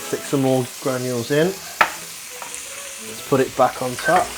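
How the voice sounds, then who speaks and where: Heavy background noise, frying sounds and music surround a young vlogger who cooks in his home kitchen, chatting and rambling with the odd swear word. His medium-pitched voice is slow.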